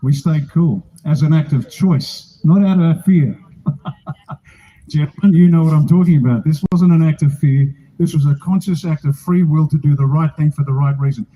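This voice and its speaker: An older man with an Australian accent delivers a rousing rally speech outdoors, blunt and full of jokes. His voice sits a little high yet sounds very dark and husky. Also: moderate pace, poor audio. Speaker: political speaker at a rally.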